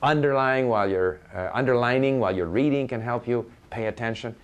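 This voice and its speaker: A man's voice: medium pitch, a little fast. An older man giving conversational advice on learning languages, often restarting his sentences and spelling words out letter by letter.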